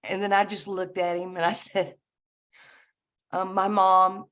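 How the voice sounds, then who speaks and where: Low-voiced woman telling a story. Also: flat delivery. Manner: laughs often, halting with restarts. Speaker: guest sharing a personal story. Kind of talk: casual storytelling. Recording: dull lo-fi sound.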